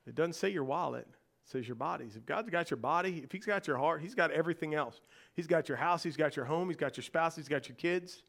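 A man's voice: a little high, a little fast, gravelly, fairly bright tone. A male pastor preaching a sermon, asking the congregation questions and building his points through repeated phrases.

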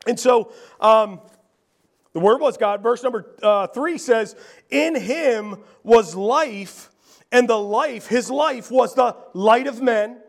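A man's voice: extremely high pitch, slow pace, vocal fry. A man preaching a sermon, reading scripture aloud and repeating key phrases with frequent fillers. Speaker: pastor.

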